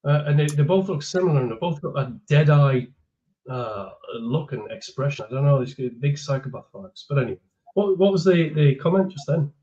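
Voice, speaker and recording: A man's voice: on the high side, a little fast, warm tone, dull audio. A man in a casual chat, blunt and joking as he gives opinions.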